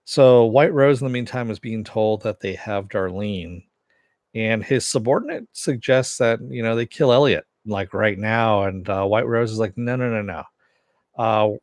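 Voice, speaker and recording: Man, TV episode reviewer, casual recap, rambling with fillers, lowish voice, dry close sound. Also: no room sound. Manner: rambling, filler-heavy retelling.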